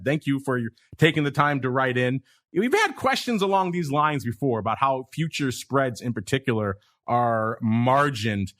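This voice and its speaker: A man hosting a podcast in a brisk, chatty manner, moving through listener mail and poll results. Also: medium pitch, expressive, a bit bright, no echo, clean studio sound. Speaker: podcast host.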